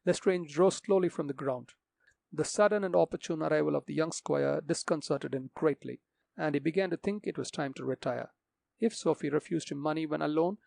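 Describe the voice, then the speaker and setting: Gravelly male audiobook narrator. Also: a little high, a little mellow, no echo.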